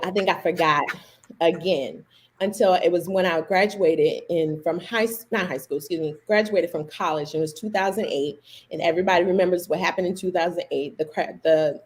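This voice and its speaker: A woman in her thirties hosting a women's church livestream, telling a personal testimony in an animated storytelling way. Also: on the low side. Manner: animated storyteller, acting out remembered dialogue. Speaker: women's ministry host.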